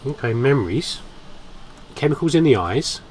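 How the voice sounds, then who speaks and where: A man's voice: mid-range voice, sing-song, moderate pace, a little mellow. A man commentating his horror game playthrough in a playful, musing, self-mocking way. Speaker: gaming commentator. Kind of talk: let's play commentary.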